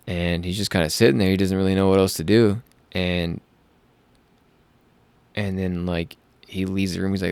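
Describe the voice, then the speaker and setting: Young man rambling through a story, gravelly. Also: low-pitched, steady tone, brisk, no room sound. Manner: rambling, slangy, many fillers and restarts. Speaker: podcast host. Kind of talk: casual storytelling monologue.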